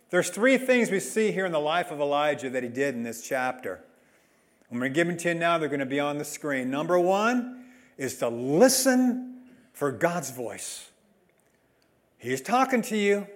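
A man preaching a sermon as a pastor, emphatic, swinging between loud and soft delivery. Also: on the high side, sing-song, a little slow, pauses often.

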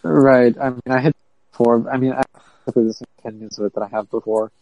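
A man co-hosting a podcast in casual chat, laid-back and quick to laugh. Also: mid-range voice, steady tone, dull audio. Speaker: podcast co-host.

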